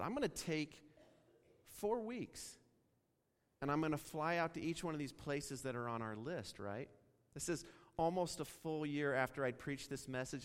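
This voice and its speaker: A man from Wyoming preaching a sermon, telling a story and acting out the dialogue in an animated way. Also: on the high side. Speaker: pastor. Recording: long reverb of a large hall.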